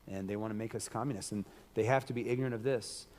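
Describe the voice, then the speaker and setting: A man preaching a sermon in a church, losing his voice, emphatic and breaking into loud bursts. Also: on the low side, steady tone, fast talker, in a large hall. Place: church hall.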